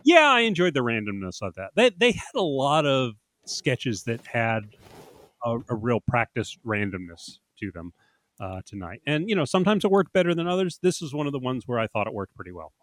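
A man's voice: mid-range voice, big pitch swings, moderate pace, fairly bright tone, dry recording. A man co-hosting a podcast, chatting casually about comedy sketches and laughing often as he acts out lines. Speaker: podcast co-host.

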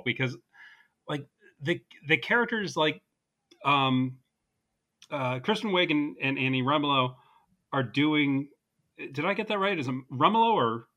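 A man with a bright, forceful tone, chatting loosely about a film. He rambles with fillers and restarts in an easygoing way. His pitch sits in the middle range. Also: normal speed. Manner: relaxed, rambling, laughs easily. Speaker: podcast co-host. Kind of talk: casual movie review chat.

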